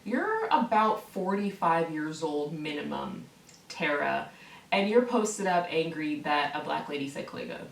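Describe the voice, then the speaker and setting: A woman's voice: low-pitched, lively intonation, measured pace, gravelly. A woman ranting to camera in a vlog, heated and profane, hammering the same words again and again. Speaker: online video creator. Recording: roomy echo, voice from a distance from the mic.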